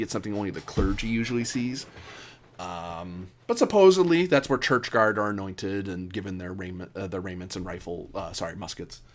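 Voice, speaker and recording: A man narrating a tabletop role-playing game as game master, relaxed, with many fillers and self-corrections. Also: fairly low pitch.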